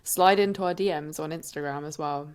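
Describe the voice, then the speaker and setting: A woman's voice: sits low, smooth. A woman co-hosting a podcast in casual chat, reading out a listener's story. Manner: unhurried, reads listener stories aloud. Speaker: podcast co-host.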